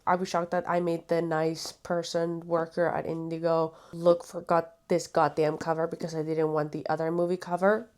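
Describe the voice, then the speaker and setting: A woman's voice: low voice, little pitch movement, moderate pace, few pauses, darkish tone, slight background noise. A woman chatting casually on her book vlog, playful and talking straight to her viewers, with the odd swear word thrown in. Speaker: book vlogger.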